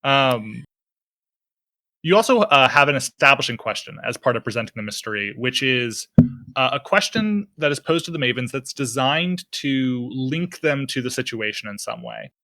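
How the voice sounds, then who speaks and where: A man's voice: mid-range voice, animated, normal speed, pushed and bright, dry recording, clean studio sound. A man casually explaining tabletop game rules to co-hosts, loose and enthusiastic with lots of fillers.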